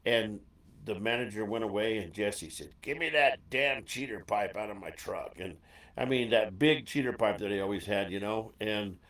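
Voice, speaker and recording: A man hosting a casual chat and telling loose, animated stories. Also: on the low side, moderate pace, roomy sound, far from the mic. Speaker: host.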